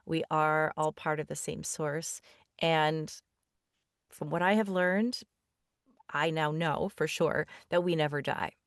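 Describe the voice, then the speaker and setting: A woman hosting a podcast interview, speaking in an earnest, soft-spoken and affirming way. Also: low voice, steady tone, slow, no room sound, clean studio sound. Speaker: podcast host. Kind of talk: conversational interview.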